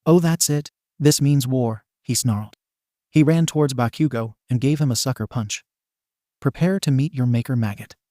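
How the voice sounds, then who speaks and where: A man's voice: mid-range voice, moderate pace, mellow, dry recording, clean studio sound, lightly acted. A man voicing a gleeful cartoonish teen boy. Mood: snarling. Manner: theatrical, mocking, gleeful. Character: mischievous cartoonish teenage boy hero.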